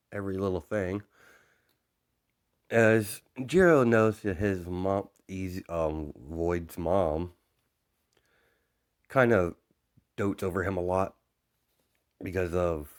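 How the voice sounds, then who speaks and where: A man tells a fan fiction story off the cuff in a low, deep voice. He rambles, stops for asides, and leans on fillers as he goes. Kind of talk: improvised story narration.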